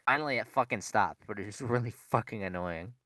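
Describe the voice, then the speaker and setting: A man's voice: fairly low pitch, a little fast, pushed and bright, no room sound. A young man, a podcast co-host, telling a rambling story in casual chat, full of fillers and swearing. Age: young adult.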